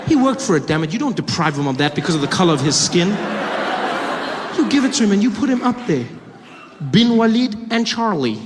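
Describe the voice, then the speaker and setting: A man doing stand-up comedy on a club stage, telling stories in an animated way with big swings in delivery. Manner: animated storytelling, big pitch swings, mock confessions. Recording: reverberant noisy comedy club.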